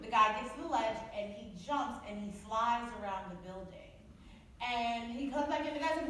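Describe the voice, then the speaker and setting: A woman in her thirties on a book tour, telling stories casually to a live audience, laughing often and jumping up in pitch when exasperated. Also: normal speed. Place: event hall with an audience. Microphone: audience camera recording from afar. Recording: echoey hall recorded from far off with crowd noise.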